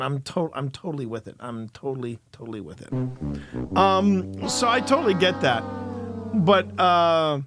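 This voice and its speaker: A male host reacting to clips in casual commentary, animated, laughing often and restarting sentences. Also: on the high side, dry recording, studio quality.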